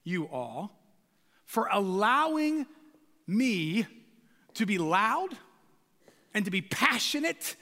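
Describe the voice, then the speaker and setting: His voice very high and bright, rising and falling without restraint, a pastor delivers a loud, passionate sermon and shouts to drive points home. A long reverb carries it through the hall.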